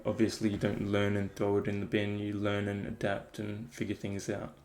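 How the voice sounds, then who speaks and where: A man's voice: lowish voice, monotone, normal speed, a little mellow, a little hiss or hum. A man thinking aloud in a casual, reflective talk about meditation, rambling with many fillers. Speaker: meditation vlogger.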